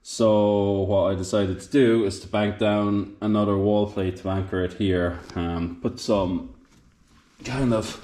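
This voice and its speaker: A man's voice: low-pitched, dark tone. A man filming his farmhouse renovation, tired and out of breath, rambling and correcting himself as he talks to the camera while working. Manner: rambling, self-correcting, plain-spoken. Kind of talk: casual work commentary to camera. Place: building site, partly on a roof outdoors.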